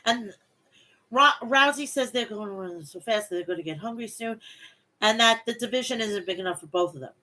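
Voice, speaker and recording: A woman hosting a wrestling recap podcast, recapping matches and breaking into profane, animated rants. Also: mid-range voice, fairly quick. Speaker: podcast host.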